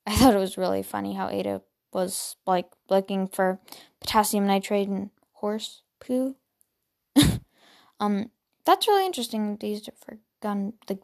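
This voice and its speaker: A woman's voice: medium pitch, gravelly. A woman hosting a podcast, reading a novel aloud and then chatting about it casually, with fillers and restarts. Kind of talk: storybook reading with casual chat.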